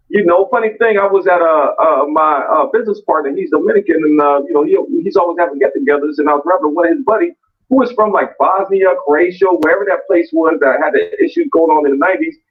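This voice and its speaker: A man arguing his turn in an online debate, blunt and heavily profane, with many restarts and fillers. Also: a little high. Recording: distant, muffled call audio.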